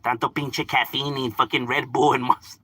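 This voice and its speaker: A man chatting casually, mixing English and Spanish, animated and profane. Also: mid-range voice, moderate pace, breathy edge. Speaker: livestream host. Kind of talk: casual chat.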